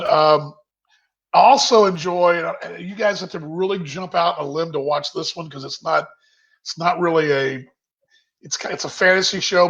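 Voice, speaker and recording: A man's voice: a little high, a bit bright. A man casually hosting a virtual happy hour from his kitchen, rambling and reading out viewers' comments. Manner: chatty, rambling, reads viewer comments aloud. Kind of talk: casual chat on a video call. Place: home kitchen. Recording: dull lo-fi video call audio.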